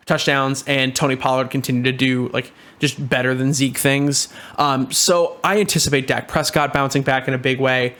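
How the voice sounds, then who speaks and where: A man's voice: a little high, a bit bright. A young man giving casual fantasy football commentary, talking loosely with lots of ums, uhs and restarts. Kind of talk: casual screen-share commentary.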